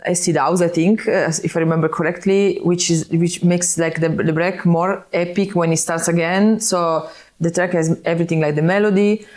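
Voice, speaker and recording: A woman from Sardinia with an Italian accent talks as a guest in a casual interview. Her voice sits somewhat low, and she chats freely, breaking off and restarting and laughing often. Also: steady tone, moderate pace, a little mellow. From Sardinia, Italy.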